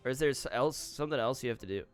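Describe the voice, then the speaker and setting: A man's voice: medium pitch, racing, clear, resonant tone. Casual male streamer reacting offhand. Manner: reactive, reads posts aloud and comments offhand. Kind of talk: casual live-stream commentary. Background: faint guitar music.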